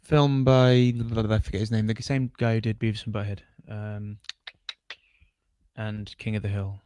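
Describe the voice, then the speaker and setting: A man's voice: on the low side, level tone, normal speed, mellow, clean tone, dry recording. A man co-hosting a casual livestream chat, rambling and searching for words. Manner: rambling, trails off with fillers. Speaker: co-host.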